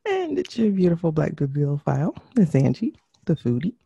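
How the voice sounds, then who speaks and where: A woman's voice: low-pitched, very animated, normal speed, creaky, dark tone, husky, dry recording, lo-fi sound. A woman co-hosting a podcast, chatting casually in a playful, laughing way with some swearing. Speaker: podcast co-host. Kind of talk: casual chat. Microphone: podcast mic without pop filter.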